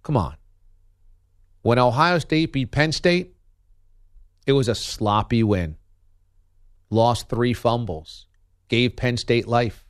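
A man's voice: medium pitch, slow, pauses often, no room sound, studio quality. A man giving opinionated sports commentary as a radio host, emphatic and argumentative, hammering points with punchy repetition.

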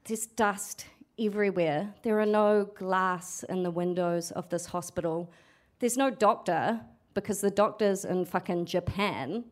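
A woman's voice: mid-range voice, a little slow. A young adult woman telling a true story at a storytelling event, frank and sweary, acting out what people said. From New Zealand. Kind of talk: live storytelling.

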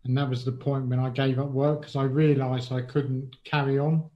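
A man's voice: medium pitch, level tone, normal speed, dark tone. A man living with Parkinson's answering interview questions in a chatty way, with frequent ums and sort ofs. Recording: dull lo-fi sound.

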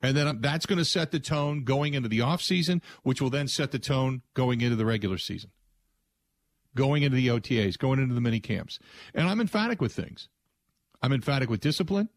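A man's voice: mid-range voice, animated, fairly quick, dry recording. A man hosting sports talk radio, delivering a blunt, emphatic opinion monologue with frequent restarts.

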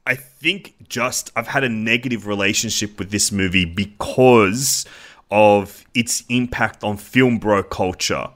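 Bright-voiced chatty man. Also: on the low side, measured pace. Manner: chatty, wry, animated storytelling. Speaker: podcast co-host. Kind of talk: casual film chat.

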